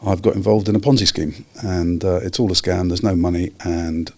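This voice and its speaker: A man co-hosting a business podcast, speaking in a measured, hesitant way with frequent pauses and restarts. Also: low-pitched, steady tone, darkish tone. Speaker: podcast co-host. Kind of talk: casual business podcast chat.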